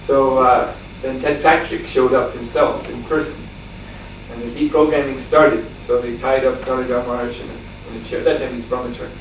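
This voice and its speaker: A man's voice: medium pitch, little pitch movement, normal speed. Echoey male monk telling a story. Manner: storytelling with chuckles and frequent fillers. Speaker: monk lecturer. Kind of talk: anecdotal scripture class. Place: lecture room at a farmstead. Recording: echoey room, distant mic, faint hiss.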